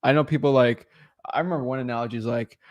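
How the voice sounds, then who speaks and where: A young man co-hosting a casual real estate coaching chat, animated and quick to act out sales pitches. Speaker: co-host, real estate wholesaler.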